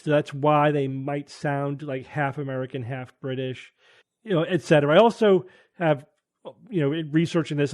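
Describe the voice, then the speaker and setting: A man leads a casual podcast panel, working through an idea out loud. His voice sits slightly high for a man, and he hedges and restarts often as he reasons. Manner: thinking aloud, hedging, frequent restarts. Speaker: podcast host.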